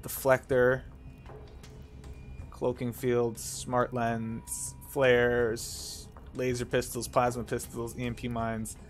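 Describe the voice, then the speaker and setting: A man's voice: medium pitch, monotone, slow, faint music behind, close to an everyday voice. A man voicing a blunt, matter-of-fact female junk merchant with a put-on Southern accent. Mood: curt. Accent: put-on American Southern.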